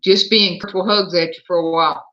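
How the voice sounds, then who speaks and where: Fast and fairly even in intonation, the medium-pitched voice belongs to a livestream host with a Southern US accent. The host chats casually at home and answers viewer comments out loud, recorded in slightly dull lo-fi sound.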